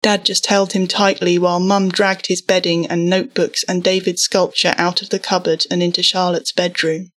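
A woman narrating a story aloud in an even, measured reading voice. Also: lowish voice.

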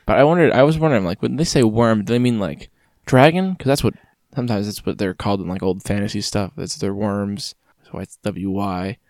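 A man's voice: on the low side, brisk, a little mellow, no room sound, studio quality. A man co-hosting a podcast in casual chat, rambling and wry, leaning on filler words. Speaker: podcast co-host.

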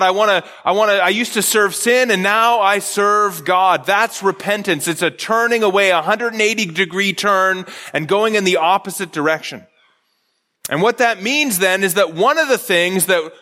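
A man's voice: high voice, pushed and bright, long reverb tail. A man preaching a sermon as pastor, earnest, often repeating phrases and restarting with stammers.

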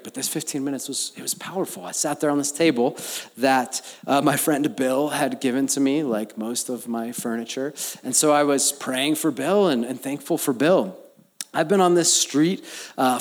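Guy pastor giving a sermon, chatty storytelling, gets loud on the big points then goes real quiet. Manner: storytelling, rising to emphatic peaks then dropping soft and low.

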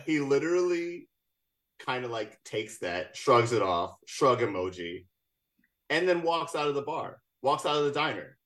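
A man's voice: mid-range voice, big pitch swings, unhurried, a bit bright. A man in casual podcast talk, recapping a film with chuckles and mock quotes. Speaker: podcast co-host or guest. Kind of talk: casual movie discussion.

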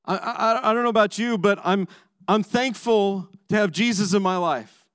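A man preaching a sermon as pastor, emphatic, moving between raised passages and hushed low ones, often repeating words as he starts a sentence. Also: normal speed, clear, resonant tone, no echo.

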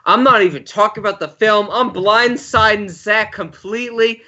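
A man's voice: high voice, moderate pace, hardly any pauses, bright, forceful tone, lo-fi sound. Emphatic man riffing on a podcast. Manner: emphatic, opinionated, jokey. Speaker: podcast co-host. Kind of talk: casual podcast banter.

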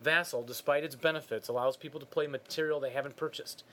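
A man's voice: a little high, steady tone, fast, fairly bright tone. Dry, teasing male podcast co-host. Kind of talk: casual chat reading listener mail.

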